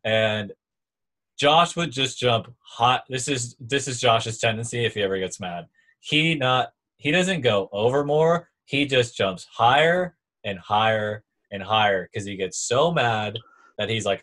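A man's voice: medium pitch, measured pace. A young man, a former volleyball player, telling a sports story in casual chat and acting out what others said. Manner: animated storyteller, acts out quotes.

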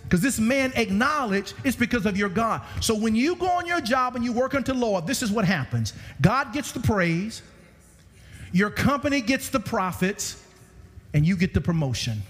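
A man preaching a sermon to a congregation with animated swings in pitch, recorded through a church sound system. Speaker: guest preacher. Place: church sanctuary. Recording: reverberant church hall.

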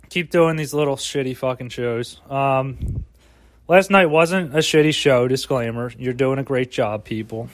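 A man's voice: fairly high pitch, fairly bright tone, no echo. A man hosting a solo podcast, rambling casually with lots of swearing and mock pep talk, recorded outdoors. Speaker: podcast host.

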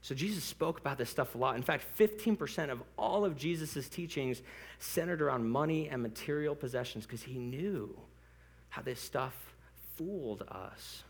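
A man preaching a sermon in a church, conversational and playful, with asides to the congregation. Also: fairly high pitch. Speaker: pastor.

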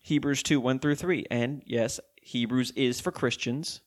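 A man preaching a sermon, reading Bible verses aloud slowly and explaining them emphatically. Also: medium pitch, steady tone.

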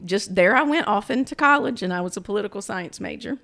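A woman's voice: mid-range voice, fast talker, gravelly. Woman, 40s, North Carolina country drawl, chatty guest storyteller. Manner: chatty, storytelling, animated asides. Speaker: political consultant guest. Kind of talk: casual interview talk.

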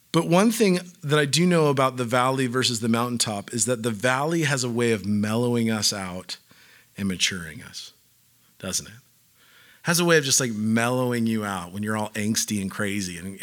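A man's voice: mid-range voice, a bit bright. A man preaching a casual sermon, talking conversationally with lots of "like" fillers and acting out quotes as he goes.

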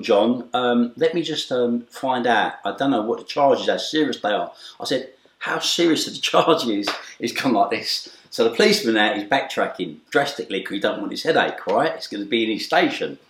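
A middle-aged man telling a story as an interview guest, acting out the voices and swearing casually. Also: mid-range voice. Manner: acts out quoted voices, swings from loud shouts to hushed asides; streetwise, swearing, repeated "right?". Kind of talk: animated storytelling. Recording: echoey room.

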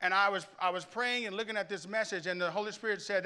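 A high-pitched man preaching to a church congregation. His tone is sharp and tense. He tells stories animatedly, often restarts his sentences, and keeps asking the crowd questions. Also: fairly even intonation, quick pace, few pauses, clear, resonant tone. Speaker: pastor. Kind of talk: sermon.

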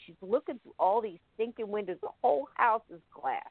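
Woman telling a story, lively, sounds like a phone call, dry. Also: a little high, fairly quick, hardly any pauses, dry recording. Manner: vivid, animated retelling with acted-out moments. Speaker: guest telling a personal story. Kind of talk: casual spoken storytelling.

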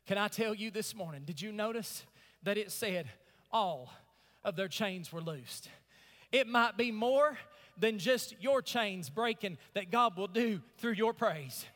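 A male pastor preaching a sermon, swinging from hushed to shouting, in a church sanctuary. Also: extremely high pitch. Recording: church hall reverb.

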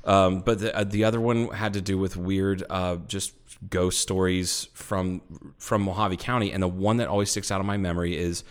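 A deep, smooth-voiced man, talking loosely and rambling. He restarts his sentences often and swears freely while he tells a story to his co-host in a casual podcast chat. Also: fairly even intonation, moderate pace, few pauses. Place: airplane hangar at night.

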